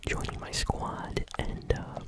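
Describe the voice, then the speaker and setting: A gaming channel host giving whispered ASMR gameplay commentary, chewing bubblegum while talking, relaxed and unhurried with small hesitations, close to the microphone. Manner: soft whisper throughout.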